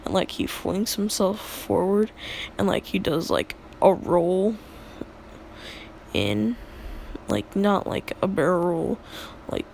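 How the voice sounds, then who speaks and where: Young woman rambling thru a fan story, slow, lots of fry, pitch all over. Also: expressive, a little mellow, a little hiss or hum. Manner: rambling, filler-heavy, laughs at own jokes. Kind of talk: casual fan-story retelling.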